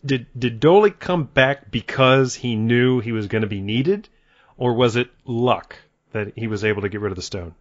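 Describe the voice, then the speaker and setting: A man leading a casual book discussion, thoughtful and halting, with many fillers. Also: medium pitch, no room sound, lo-fi sound.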